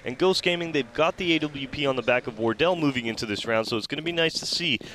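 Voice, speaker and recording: A man doing steady, explanatory play-by-play commentary on an esports match. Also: medium pitch, fast talker.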